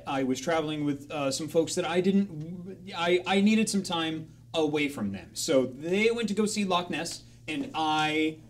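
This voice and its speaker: A man telling a rambling, animated story live on a charity stream in a casual way. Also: fairly high pitch.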